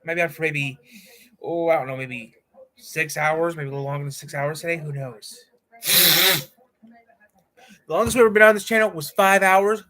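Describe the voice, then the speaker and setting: A man's voice: on the high side, a little fast, fairly bright tone. A man hosting a casual live stream from a cold room in a house, rambling with hesitant fillers. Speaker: livestream host.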